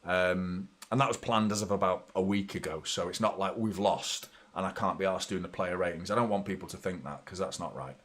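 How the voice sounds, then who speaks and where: A man in his thirties from the UK, hosting a live football watchalong in a slightly low voice. He talks bluntly and swears freely, jumping up in excitement when a chance comes. Between chances he chats plainly to his viewers. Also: fairly quick, hardly any pauses. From United Kingdom. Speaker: host of a fan watchalong. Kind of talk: live match reaction and chat.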